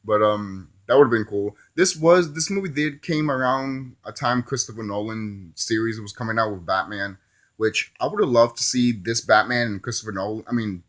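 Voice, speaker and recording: A man's voice: lowish voice, fairly bright tone. A man giving a casual, rambling movie review who often laughs at his own jokes.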